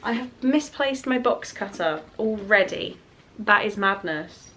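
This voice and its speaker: A woman's voice: medium pitch, lively intonation, a little slow, noisy background. A young woman chatting to camera at home as a book vlogger, effusive and talking to her pet between thoughts. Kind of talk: casual chat to camera.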